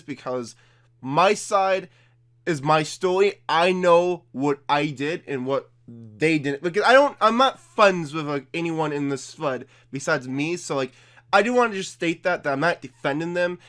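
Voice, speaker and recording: A young man talks through a casual commentary video in a fairly high voice. He sounds chatty and defensive, with plenty of fillers. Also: a bit bright. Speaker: YouTuber.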